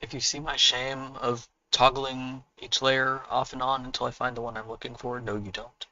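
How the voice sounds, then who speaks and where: A man's voice: mid-range voice, level tone, normal speed, bright, forceful tone, no room sound, dull audio. A man chatting casually on a live stream while he draws, self-mocking and often muttering or whispering to himself as he works. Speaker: artist and author streaming his drawing.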